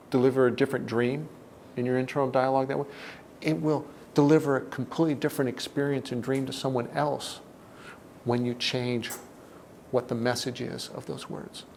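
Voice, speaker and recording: Man, self-help teacher; gravelly, measured delivery that sinks soft and low. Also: slight background noise. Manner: deliberate, often drops to a soft, low tone. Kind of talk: reflective teaching talk.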